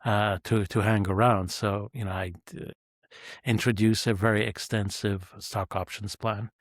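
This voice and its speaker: A retired male executive guest on an interview podcast, talking in a measured, reflective way with frequent fillers. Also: fairly low pitch, little pitch movement, no echo, clean studio sound. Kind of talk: conversational interview answers.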